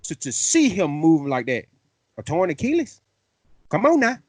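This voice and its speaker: Excitable man, dry close sound. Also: a little high, normal speed, no room sound. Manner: excitable, playful, Southern slang. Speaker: host. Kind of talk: fan sports podcast talk.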